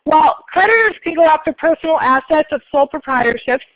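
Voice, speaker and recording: Woman instructor, high voice, brisk lecture style, dull dry lo-fi classroom recording. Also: lively intonation, dry recording. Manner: brisk, polls students and repeats answers. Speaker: accounting instructor.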